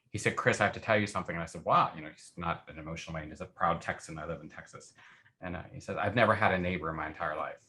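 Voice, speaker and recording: Earnest male co-host with a bright, tense tone, reflective and sincere. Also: sits low. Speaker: podcast co-host. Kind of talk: casual video-call conversation.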